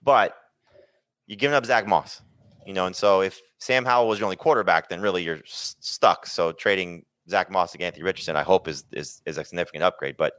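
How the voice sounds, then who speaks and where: Deep, bright-toned podcast host. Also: male voice, a little fast, dry recording. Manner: reads listener questions, then asks panelists. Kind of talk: casual podcast hosting.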